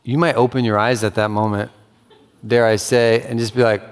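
A man's voice: mid-range voice, flat delivery, normal speed, smooth. A man preaching a sermon in an earnest, conversational way, acting out quoted lines as he goes. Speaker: pastor. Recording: long hall reverb.

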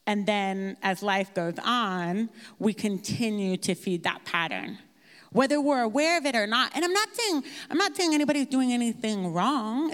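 A woman's voice: a little high, fairly bright tone. A woman giving a slide talk, candid and chatty with a self-deprecating humor. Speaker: speaker at a grief workshop. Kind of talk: presentation with slides. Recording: hall reverb.

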